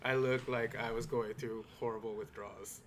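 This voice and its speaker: A man's voice: medium pitch, steady tone, moderate pace, crowd noise. A man who laughs easily, telling a loose, casual story among friends. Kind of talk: casual chat.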